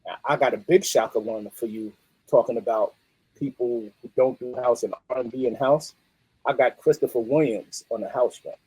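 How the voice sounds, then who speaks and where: A middle-aged man, a musician guest telling stories in a streetwise, animated way. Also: medium pitch, normal speed, slightly rough, no echo, poor audio. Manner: animated, streetwise, peppered with "you know what I mean". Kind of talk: casual interview storytelling.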